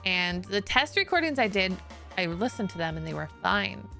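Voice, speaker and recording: A woman chats loosely with her stream audience, trailing off into fillers and breaking into laughter between thoughts. Her voice is bright and forceful. Faint music plays behind her. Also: mid-range voice, sing-song, moderate pace, creaky. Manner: chatty and storytelling, laughs often, many "like" fillers. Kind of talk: casual chat.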